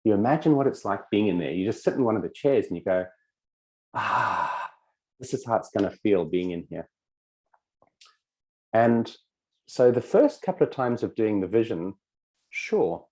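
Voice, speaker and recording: A man with a low, mellow voice teaches in a relaxed, conversational way. He acts out small dialogues in shifting voices and swears casually now and then. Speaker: self-help coach.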